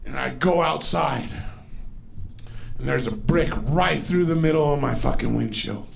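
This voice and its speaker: Onstage at a comedy club, a man in his forties delivers profane, loose stories with loud, exaggerated voices. He's medium-pitched, animated, a little slow, and creaky, with slight background noise.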